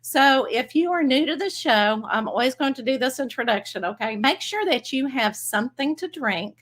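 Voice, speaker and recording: A bubbly woman with a Texas accent chats casually to her livestream audience. Her voice sits a little high. She talks in a friendly, rambling way and laughs easily. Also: expressive, normal speed, fairly bright tone. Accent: Texan. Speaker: psychic medium livestream host.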